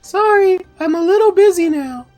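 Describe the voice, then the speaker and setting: A man voicing an earnest, wistful young woman in a breathy falsetto while reading game dialogue aloud. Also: normal speed, a little mellow, faint music behind. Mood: busy.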